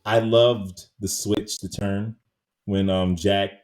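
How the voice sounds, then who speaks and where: A man's voice: lowish voice, steady tone, slow, a little mellow. A man co-hosting a casual movie review podcast, laughing often and acting out quotes as he talks. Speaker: podcast co-host.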